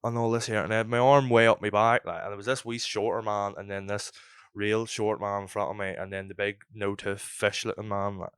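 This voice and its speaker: In a loose podcast chat, a young male host tells a meandering story, swearing and animatedly reliving it. He speaks fairly quickly in a smooth, lowish voice, recorded dry and studio-clean.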